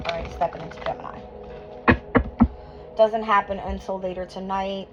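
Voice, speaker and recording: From a room at home, a tarot reader does a reading for her viewers, worked up, hot and sweaty, swearing and laughing often as she goes. Her mid-range voice holds a steady tone at normal speed, showing plenty of emotion. The recording is dull and lo-fi, with music clearly audible behind her.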